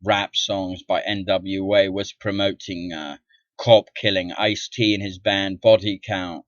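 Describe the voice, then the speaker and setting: A middle-aged man vlogging an indignant, profane rant to camera, dropping to mutters and then bursting out loudly. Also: low-pitched, dry recording. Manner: profane, indignant, swings from muttering to loud outbursts. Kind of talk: ranting monologue to camera. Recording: dull lo-fi dry sound.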